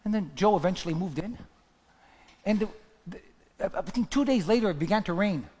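A male pastor preaching a sermon, emphatic, repeating his key phrases and swinging from hushed to loud. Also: sits high, expressive, fairly quick. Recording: long hall reverb.

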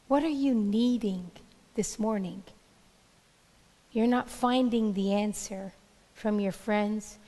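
A woman pastor preaching a sermon, building through slow, emphatic repeated questions. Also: mid-range voice, mellow, big-room sound.

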